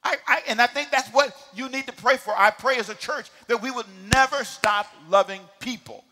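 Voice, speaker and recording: Middle-aged man, pastor, emphatic call-and-response sermon, quiet to shouting, long church-hall reverb. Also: very high voice, normal speed. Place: church sanctuary.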